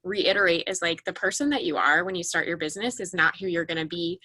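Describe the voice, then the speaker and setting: Bright, earnest woman, dry close sound. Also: lowish voice, quick pace, dry recording. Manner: earnest, rambling with restarts. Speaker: guest. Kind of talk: casual chat on a video call.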